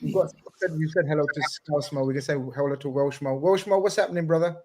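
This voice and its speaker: A man hosting a casual live-stream chat, excitable, shouting out viewers and swearing casually. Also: on the high side, fast, noisy background. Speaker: host.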